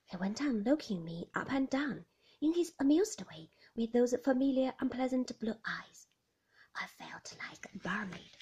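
A woman reading a novel aloud, whispering the narration and speaking the dialogue louder. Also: a little high, lively intonation. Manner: slow and breathy, whispering the narration and raising her voice for dialogue. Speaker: reader.

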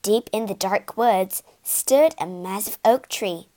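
A woman reading a children's storybook aloud, slowly and clearly. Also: medium pitch, warm tone.

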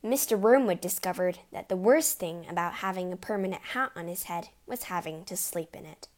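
A woman narrating a storybook reading in an expressive, lively way. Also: lowish voice, brisk.

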